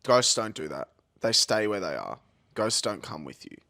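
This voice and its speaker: A man's voice: on the low side, very animated, normal speed, vocal fry, pushed and bright. A young Australian man co-hosting a podcast in casual chat, laughing easily and teasing his mates. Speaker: podcast co-host.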